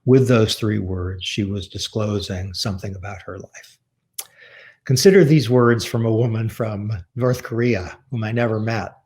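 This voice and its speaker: A man delivers a public talk in a measured, reflective way, earnest as he turns personal. His mid-pitched voice carries a gravelly fry. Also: a little mellow. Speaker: author giving a talk. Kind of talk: public lecture with a personal story.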